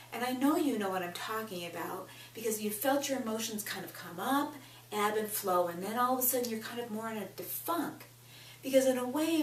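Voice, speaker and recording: A woman's voice: a little high, recorded from a distance. A woman teaching a self-help lesson, speaking directly to the listener and leading tapping phrases aloud. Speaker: tapping coach. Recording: echoey room, voice a bit off-mic, faint hum.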